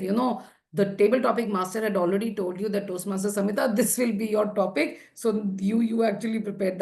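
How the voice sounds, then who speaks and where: A woman from India giving encouraging feedback as a table topics evaluator in an online club meeting. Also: medium pitch.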